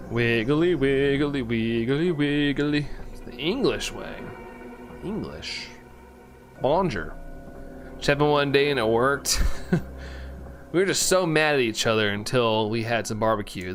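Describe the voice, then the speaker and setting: A man's voice: mid-range voice, fairly bright tone. Chatty, joking man streaming a game. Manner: chatty and rambling, playful jokes and laughter. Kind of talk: casual live-stream chat with chat readers.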